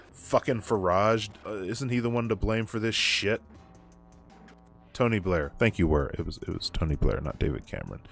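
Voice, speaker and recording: A man from the United States streaming a game and ranting about politics with sarcasm and frequent swearing. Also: lowish voice. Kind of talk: casual chat while gaming.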